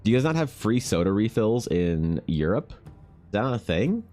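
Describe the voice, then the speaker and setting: Deep-voiced man streamer, rambling profane banter, faint music under. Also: big pitch swings, normal speed, warm tone. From Canada. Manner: rambling, joking, profane, with many restarts. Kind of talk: casual live-stream chat while drawing.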